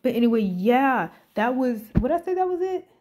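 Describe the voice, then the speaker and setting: Animated, profane woman ranting casually. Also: sits high, normal speed, noisy background. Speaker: reality show commentator. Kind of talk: casual reaction commentary.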